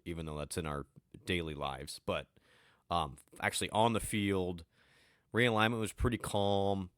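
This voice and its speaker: A man co-hosting a sports podcast in casual chat, upbeat and teasing, with quick asides. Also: low voice, fairly bright tone, no room sound, studio quality. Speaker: podcast co-host, team beat reporter.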